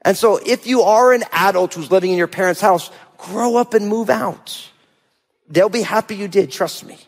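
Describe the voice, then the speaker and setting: High-voiced pastor preaching in a reverberant hall. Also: male voice, normal speed. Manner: conversational preaching, frequent rhetorical "right?". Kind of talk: sermon.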